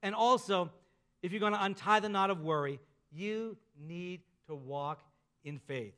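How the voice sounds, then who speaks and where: Male pastor, high bright voice, emphatic sermon delivery with drawn-out endings. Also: smooth.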